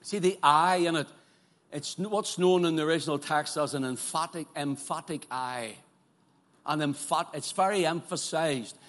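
A man preaching a sermon, moving between loud fervent declarations and quiet, pleading questions to his listeners. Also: on the high side, moderate pace. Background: congregation present, also streamed live.

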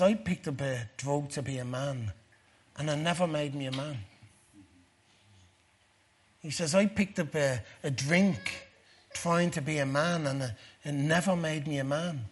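A middle-aged man giving a testimony sermon, moving from quiet storytelling to loud, fervent preaching. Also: a little high, moderate pace, husky.

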